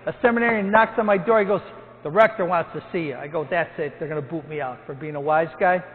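A man's voice: fairly high pitch, fast. A priest in his seventies, a hospital chaplain, telling jokey stories to his parish and acting out the quotes. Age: 70s. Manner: storytelling, jokey, acts out quotes loudly. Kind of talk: humorous talk to a parish gathering. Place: church. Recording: tinny, with long hall echo.

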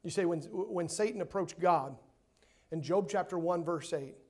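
A man preaching a sermon in a church, emphatic, swinging between loud and hushed and repeating words to stress his points. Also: sits high, normal speed. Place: church sanctuary.

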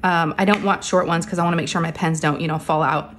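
In her craft room, a middle-aged crafting vlogger chats casually while she works, speaking quickly in a fairly low voice with fairly even intonation. She's a little out of breath and under the weather, rambling with many fillers, while printers hum faintly in the background.

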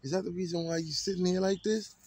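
A man putting on the voice of a startled young woman at a gas pump, pitched high and exclaiming. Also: fairly even intonation, fast, a little mellow, husky, no echo. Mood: surprised.

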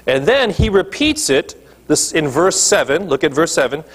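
Male pastor mid-sermon, emphatic, keeps checking in with the congregation; husky tone. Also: fairly high pitch, sing-song, moderate pace. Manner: emphatic preaching, checks in with listeners. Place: church.

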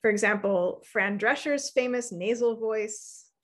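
A woman in her thirties giving an academic lecture, explaining research in a clear, measured way. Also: on the high side, a bit bright.

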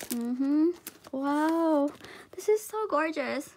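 A high-voiced woman chatting through an unboxing for her channel. She gushes with breathless exclamations and often drops into soft whispers over the items. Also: expressive, normal speed, vocal fry, slight background noise. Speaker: vlogger. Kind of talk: excited unboxing chat.

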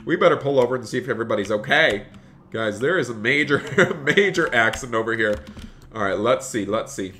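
A man's voice: mid-range voice, fairly quick, a little hiss or hum. A young man streaming a driving game live, chatting to viewers and gushing with thanks for donations. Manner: excitable, gushing thanks to donors.

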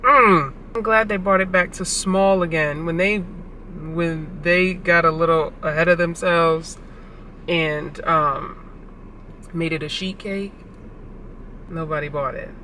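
A woman's voice: on the low side, fairly even intonation, slow pace, pushed and bright, slight background noise, rough recording. Chatty woman vlogging from her car. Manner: chatty, storytelling, addresses viewers as y'all. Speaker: family vlogger. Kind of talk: casual chat to camera. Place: in a car on city streets.

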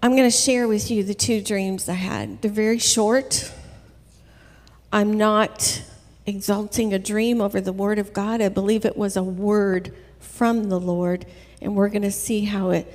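A woman preaching a sermon in a church, telling her story in an earnest, measured way. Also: mid-range voice, steady tone, darkish tone. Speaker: guest preacher. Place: church sanctuary. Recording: reverberant church hall.

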